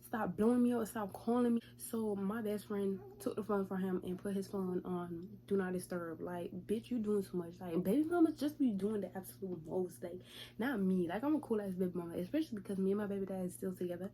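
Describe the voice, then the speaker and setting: A young woman vlogger in casual storytime, retelling events in a profane, chatty, lively way. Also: mid-range voice, fairly quick, slight background noise.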